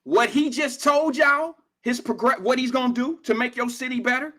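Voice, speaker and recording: A man's voice: extremely high pitch, moderate pace, pushed and bright. A middle-aged man from Cincinnati hosting a live call-in show, ranting in a fiery, profane and confrontational way at his critics. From Cincinnati, USA. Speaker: talk show host.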